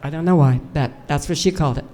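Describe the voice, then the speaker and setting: An older woman, a guest on a fan panel, tells chatty, self-mocking anecdotes from a convention stage in front of a live audience. Her voice is deep and dark, and she talks fast.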